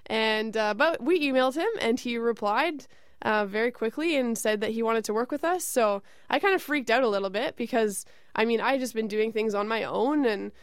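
A Canadian singer-songwriter speaks in a slightly high, clean voice at a normal pace, in a dry recording. She's in a radio studio for a friendly, casual interview, peppering her answers with fillers and frequent laughter.

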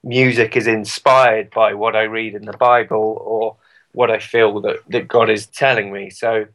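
A British man talks as an interview guest, rambling and self-deprecating, full of fillers. His voice sits a little low. He keeps it casual and easygoing. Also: flat delivery, unhurried, fairly bright tone, rough recording. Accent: British English. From Britain. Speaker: guest musician.

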